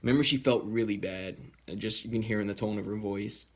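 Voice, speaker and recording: A young man tells a personal story in a candid, rambling way. He swears often and trails through restarts. When he quotes others, his voice jumps up high. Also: a little fast, darkish tone.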